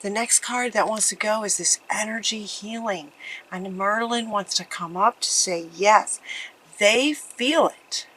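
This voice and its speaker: Woman, tarot reader, unhurried delivery, crisp bright tone, earnest and tender, halting restarts. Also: mid-range voice, low-quality recording. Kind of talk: pick-a-card tarot reading.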